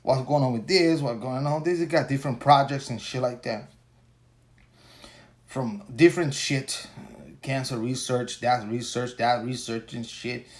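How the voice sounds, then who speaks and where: A man's voice: medium pitch, normal speed. A man in his forties hosting a solo podcast, ranting casually with crude, profane and rambling talk, tired after a long workday. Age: 40s. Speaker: podcast host.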